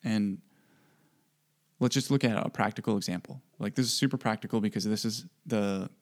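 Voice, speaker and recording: Gravelly low-voiced man explaining finances. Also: moderate pace. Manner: conversational, checks in with frequent "right?". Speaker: financial coach for military members. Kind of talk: casual explanatory teaching.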